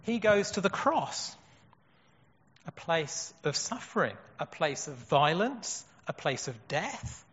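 A man's voice: fairly high pitch, very animated, slow, a bit bright, husky. A man preaching a sermon in an earnest way, asking rhetorical questions. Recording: dull echoey hall.

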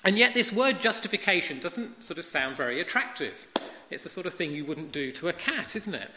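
A man's voice: fairly high pitch, sing-song, brisk, noisy background. A man preaching a sermon, emphatic and fond of rhetorical questions. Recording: echoey hall with long reverb.

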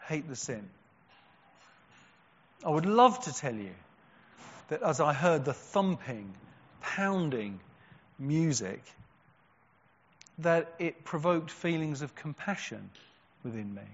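A man preaching a sermon, earnest, with strong emphatic peaks and quiet, slow, drawn-out words. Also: on the high side, very animated. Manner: earnest, rising to emphatic cries and dropping to hushed, slow stresses. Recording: dull sound with a long hall echo.

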